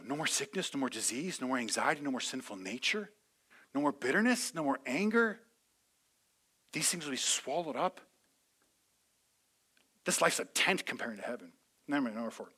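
A man preaching a sermon to a congregation. He speaks to them directly, and his delivery rises from calm teaching to loud, impassioned preaching. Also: medium pitch, husky. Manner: addresses the audience directly, calls for responses. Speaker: pastor. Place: large room with a live congregation.

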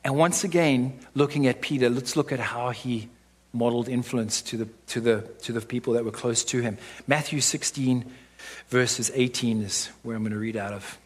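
A man delivering a sermon from the pulpit in a slightly husky, breathy voice. He preaches with emphasis, pressing his points home with rhetorical questions and quick asides. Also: medium pitch, steady tone. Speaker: pastor.

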